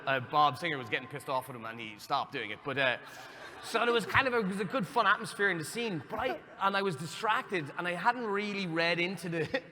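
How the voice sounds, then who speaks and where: An Irish man on a convention stage talks in a fast, animated way, laughing and restarting his sentences. His voice is bright and a little high, carried through a large hall with long reverb and faint hiss. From Ireland. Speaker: actor on a convention panel. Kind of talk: casual storytelling Q&A.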